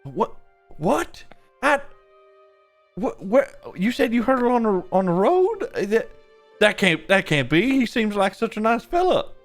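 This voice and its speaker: A man doing a flustered high tavern entertainer. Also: big pitch swings, normal speed, faint music behind. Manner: flustered, stammering, defensive. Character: nervous chatty male tavern performer.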